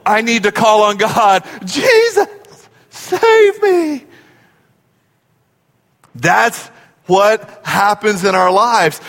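A man with a high voice preaches a sermon, lively and full of storytelling. His words echo with a long reverb that fills a large church hall. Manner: animated storytelling, acting out voices.

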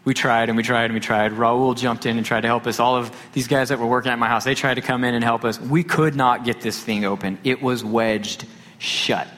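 A man, a pastor, preaching a sermon and telling a personal story with lively quoted dialogue. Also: mid-range voice, a little fast. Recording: long hall reverb.

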